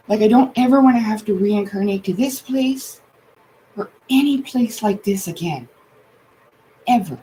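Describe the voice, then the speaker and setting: A woman's voice: medium pitch, mellow, slight background noise, poor audio. A woman hosting a casual livestream, chatting while she paints, rambling, swearing and exasperated, upset and close to tears. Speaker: livestream host.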